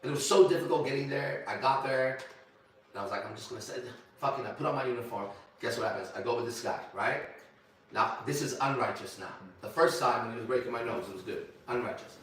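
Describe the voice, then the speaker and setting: A man tells a story to a small gathering in a profane, animated way, now and then breaking into shouts. His voice is bright and edgy. He sits back from the mic in a very echoey room. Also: mid-range voice, quick pace, far from the mic, a little hiss or hum. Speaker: ministry leader.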